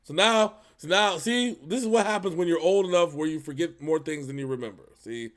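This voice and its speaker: A man's voice: on the high side, a little fast. A man co-hosting a reaction show, bantering casually and joking over a video call. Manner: animated, joking, big swings in loudness.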